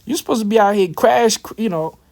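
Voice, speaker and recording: A man mimicking an angry woman who scolds her partner in a raised, high voice. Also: brisk, gravelly, a little mellow. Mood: scolding. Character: angry young mother yelling at her man.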